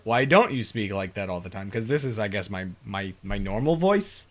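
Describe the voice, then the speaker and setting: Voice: sits low, expressive, normal speed. A streamer from Appalachia chatting casually over a farming game, rambling, laughing often and slipping into a put-on drawl. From Appalachia, United States. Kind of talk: casual gameplay commentary.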